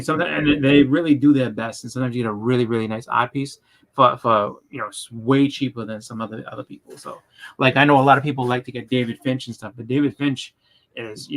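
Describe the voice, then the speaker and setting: A man with a thick Boston accent, co-hosting a podcast in casual chat, talking in quick, stumbling bursts full of fillers. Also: mid-range voice, creaky, fairly bright tone. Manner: rapid, stumbling delivery with many fillers. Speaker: podcast co-host.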